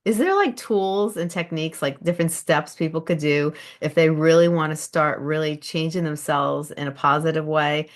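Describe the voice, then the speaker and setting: A woman's voice: low-pitched, moderate pace, hardly any pauses. A woman hosting an interview, affirming her guest and asking long, winding questions. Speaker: host.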